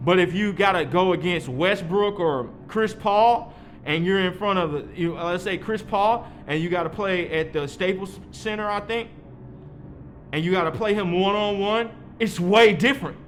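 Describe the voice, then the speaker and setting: A vlogger in his thirties launches into a rambling, heated monologue, lecturing preachily and swearing freely. His voice sits high and he talks at normal speed, with a little hiss or hum in the audio.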